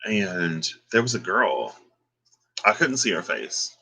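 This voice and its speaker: A man with a low voice and a hard, bright edge tells a dream in an easy, offhand way. He drops slang and chuckles between thoughts, like a casual vlogger talking straight to camera. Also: big pitch swings, takes it slowly, gravelly, husky. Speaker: dream recounter. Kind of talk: casual storytelling.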